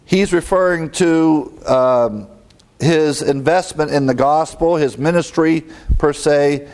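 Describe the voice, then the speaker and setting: A man's voice: fairly high pitch, slow, a little mellow. Man preaching an expository sermon. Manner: earnest teaching tone, quotes scripture and asks rhetorical questions.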